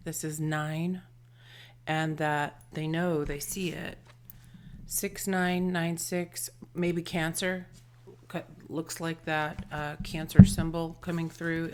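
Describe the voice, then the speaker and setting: A woman giving an intuitive tarot and charm reading, gentle and affectionate, often trailing off into soft murmurs. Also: deep voice. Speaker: tarot reader and channeler.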